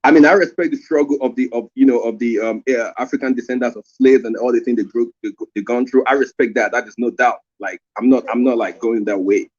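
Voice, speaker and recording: Man, fast husky voice, pressing his point in a debate, lo-fi audio. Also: medium pitch, fairly even intonation. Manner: insistent, quick, repeating his demands. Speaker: guest caller. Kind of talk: heated debate.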